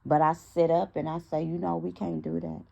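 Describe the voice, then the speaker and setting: Low gravelly woman telling a story. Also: normal speed. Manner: animated, talks straight to her audience, acts out quoted dialogue. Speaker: storytime vlogger. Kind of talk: casual storytime to viewers.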